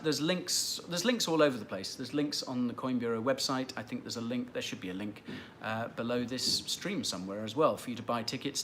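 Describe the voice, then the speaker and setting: There's slight background noise as this livestream host, whose mid-range voice has a fairly bright tone, rambles through answers to viewer questions. His talk is chatty, packed with fillers and restarts, and he lightly ribs the regulars.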